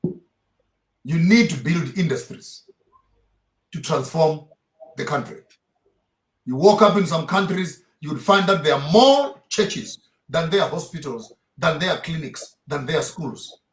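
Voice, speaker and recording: A man giving impassioned, preacher-like answers in an interview, heavy on rhetorical questions. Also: high voice. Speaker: guest speaker. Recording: roomy echo.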